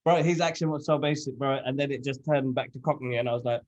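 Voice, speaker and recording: A man, co-hosting a casual podcast chat, animated and slangy. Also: mid-range voice, fast talker, highs cut off. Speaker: podcast co-host.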